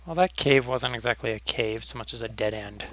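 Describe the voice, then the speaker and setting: Talking a little fast in a pushed, bright, medium-pitched voice, a man chats casually during his let's play, occasionally sinking to a near whisper when focused on the game. The low-quality recording carries a little hiss or hum.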